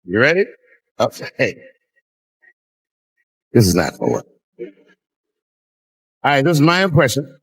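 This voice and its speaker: A man in his forties performing a loose, profane stand-up set, drawling with sudden jumps in pitch. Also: huge pitch swings, unhurried, pauses often, fairly bright tone, breathy edge. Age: 40s. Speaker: stand-up comedian.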